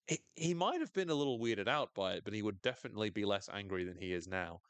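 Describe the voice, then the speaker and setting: A man's voice: fairly low pitch, quick pace, clear, resonant tone, dry recording. A man with a British accent, a podcast co-host casually recapping a TV episode with lots of jokes and swearing. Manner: animated and sweary, jokes often.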